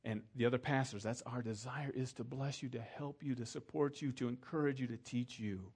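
This middle-aged man is a pastor preaching in a relaxed, story-driven style, imitating those he quotes and softening his voice for emphasis. He speaks briskly in a husky, mid-range voice.

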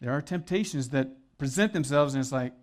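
A man's voice: medium pitch, animated, brisk. A middle-aged man preaching a sermon as pastor, conversational and earnest with joking asides.

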